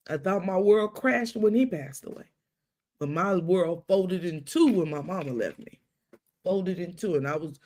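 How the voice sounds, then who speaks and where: A middle-aged woman, hosting a live talk and telling stories animatedly, dropping to soft whispers and rising to loud exclamations. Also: medium pitch, vocal fry. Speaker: livestream host.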